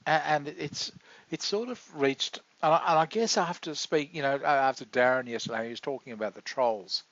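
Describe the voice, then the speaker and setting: A man rambling in a halting, confessional video diary, full of restarts. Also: medium pitch, lively intonation, fairly bright tone, no echo. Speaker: vlogger. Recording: dull lo-fi dry recording.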